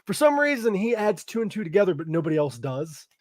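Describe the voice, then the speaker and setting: Quick and high-pitched, this male podcast host swings his pitch widely as he retells a movie. The recap is casual and profane, loaded with "um," "like," and plenty of laughter.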